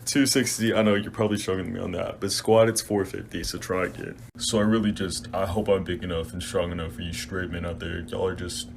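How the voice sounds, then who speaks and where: A man with a very deep voice brags in a dry, sarcastic deadpan as he talks to the camera at home. Clear noise runs under his speech. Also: a little fast, few pauses. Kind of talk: casual social media video.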